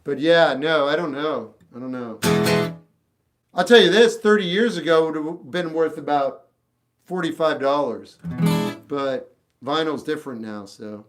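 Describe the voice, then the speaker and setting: A man's voice: a little high, measured pace, pauses often, over music. A man hosting a casual livestream, reading chat questions and giving blunt, off-the-cuff opinions. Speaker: livestream host answering chat. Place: home room with a record collection.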